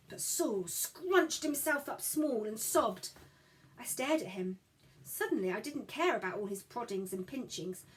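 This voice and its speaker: A woman narrating a story in the first person, expressive and voicing each character. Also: a little high, rough recording. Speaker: audiobook narrator.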